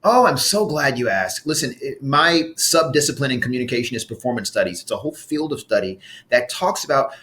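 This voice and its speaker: Animated man, middle-aged, energetic presenter voice at a middle pitch. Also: fairly quick, few pauses. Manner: animated, breaks into chants and vocal exercises. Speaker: conference speaker and facilitator. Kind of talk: conference talk with audience participation.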